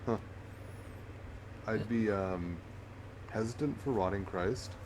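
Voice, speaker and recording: Male co-host, very deep voice, hesitant and low-key, noisy recording. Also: slow pace. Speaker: podcast co-host. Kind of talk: casual chat. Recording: noisy background.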